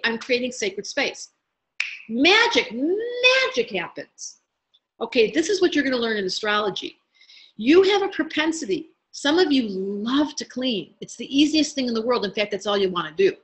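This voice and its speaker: A middle-aged woman teaching an astrology class in an online workshop, animated and talking straight to her students by name. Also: a little high, rough recording. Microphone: webinar computer mic.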